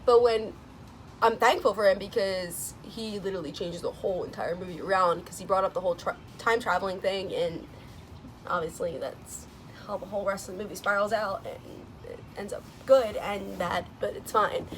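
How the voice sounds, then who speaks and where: A young woman talks casually in a vlog, gushing and excitable, her sentences tumbling out with lots of fillers and laughter. Her voice sits at an ordinary middle pitch. A faint background hiss runs under the recording. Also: moderate pace. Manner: gushing and excitable, many "like"s, laughs and sighs, swings into squealing high quotes. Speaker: vlogger reviewing a movie. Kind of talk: casual chat.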